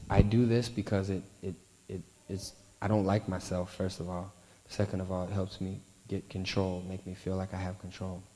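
A man preaching a sermon, telling a story and often softening his voice at tender moments. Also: fairly low pitch. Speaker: pastor. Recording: long hall reverb.

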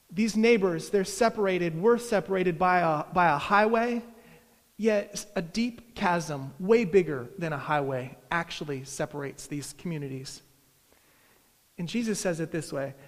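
Pastor, male, high voice, earnest sermon delivery, church reverb. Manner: earnest, slows down for emphasis.

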